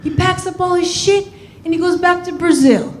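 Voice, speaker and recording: A young woman doing a stand-up comedy set on a club stage, telling stories in a brash, swearing, animated way. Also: very high voice, moderate pace, roomy sound.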